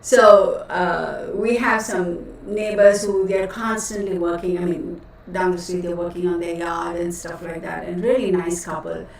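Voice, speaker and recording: A woman's voice: lowish voice, fairly even intonation, a little slow, few pauses, slight background noise. Woman, tarot reader, casual live chat, rambling, very echoey room, distant mic. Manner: chatty and rambling, addresses viewers as y'all. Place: cluttered home room she works from.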